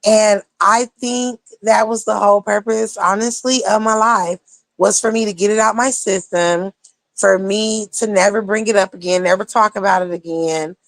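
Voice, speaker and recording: A young woman chats on her livestream in a mid-pitched voice. She is blunt and profane and drifts loosely from topic to topic. The sound is dry and close to the mic. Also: fairly even intonation, moderate pace, no echo. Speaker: streamer. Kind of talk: casual livestream talk.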